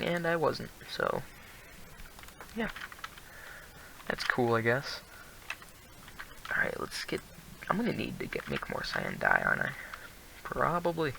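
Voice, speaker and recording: Over a noisy background, a teenage boy narrates his own building game for a gaming video in a creaky, medium-pitched voice. His commentary is casual and rambling, full of self-deprecating laughs, and he coughs now and then.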